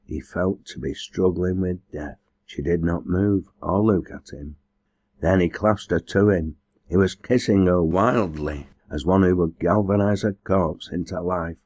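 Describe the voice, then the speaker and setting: Low husky guy reading a novel aloud, measured and earnest, dry close sound. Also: darkish tone, no echo. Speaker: audiobook narrator. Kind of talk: scripted narration.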